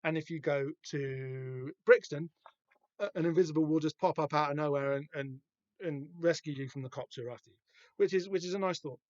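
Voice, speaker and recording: Man, podcast host, rambling and halting, slightly high voice, dull dry recording. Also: no room sound. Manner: rambling, halting, full of fillers and restarts. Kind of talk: casual comic book discussion.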